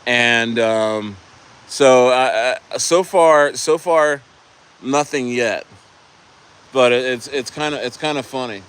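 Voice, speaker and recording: A man rambling through a casual live stream, stumbling over his words and swearing freely. His voice is bright and forceful. A faint hum of a vehicle sits behind him. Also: medium pitch, slow pace. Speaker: crypto streamer.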